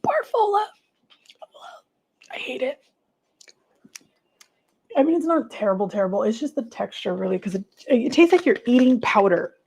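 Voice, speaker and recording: A woman hosting a casual livestream, chatting warmly with viewers, gushing and trailing off with many fillers. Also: on the high side, expressive, quick pace, hardly any pauses, slightly rough. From United States. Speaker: livestream host.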